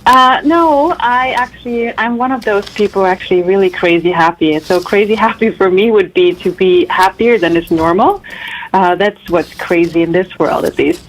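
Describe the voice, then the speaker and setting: A woman's voice: mid-range voice, normal speed, a little hiss or hum, rough recording. An Austrian woman speaking English with a German accent, a psychologist being interviewed by phone who sounds upbeat and laughs often. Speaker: psychologist guest. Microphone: phone line.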